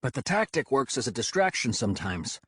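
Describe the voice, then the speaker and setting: A man's voice: medium pitch, very animated, fairly quick, fairly bright tone, slightly rough, no room sound, clean studio sound. A man voicing a cheerful young man who talks in a breezy, upbeat way.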